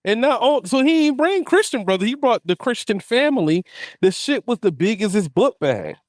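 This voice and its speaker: A man with a high, lively voice tells rambling stories on his podcast, laughing easily and leaning on loose slang. His pitch leaps around as he talks. The sound is dry and close, with no room echo. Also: normal speed. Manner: animated storyteller, laughs often, loose slang. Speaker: podcast host. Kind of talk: casual podcast chat. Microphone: studio podcast mic.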